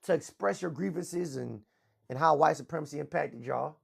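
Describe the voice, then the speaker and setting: This man's voice is fairly high, creaky and husky, at a moderate pace. He is the host of a livestream talk show, launching into a loud, profane tirade full of bragging.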